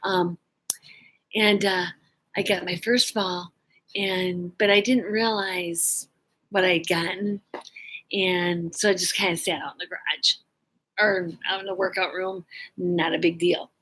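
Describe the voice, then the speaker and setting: A woman's voice: fairly low pitch, steady tone, measured pace, pauses often, a bit bright, slightly rough, poor audio. A woman vlogger casually telling a personal story, rambling with lots of fillers and restarts. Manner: laughs often while telling a story.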